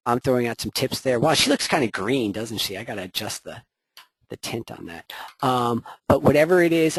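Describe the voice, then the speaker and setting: A man's voice: medium pitch, no room sound, poor audio. A man leading a workplace training session, chatty and rambling, with lots of fillers and self-corrections. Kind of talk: conversational training talk.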